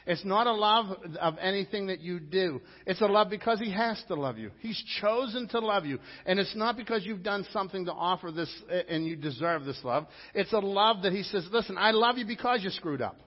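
A man preaches a sermon in a fairly high, emphatic voice, talking to the congregation in a conversational way. The recording is dull and lo-fi, and a long reverb trails after his words. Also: normal speed, few pauses. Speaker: pastor.

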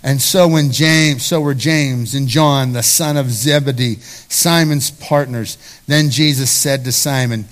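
A man's voice: mid-range voice, steady tone, measured pace, few pauses. A male pastor preaching a sermon. He speaks emphatically, repeats phrases for stress and talks straight to the congregation. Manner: conversational, addresses the congregation directly.

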